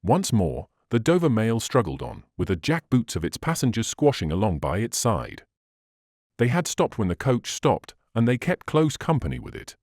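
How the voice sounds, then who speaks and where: A man narrating a classic novel as an audiobook, in a measured, expressive reading. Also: lowish voice, no echo, clean studio sound.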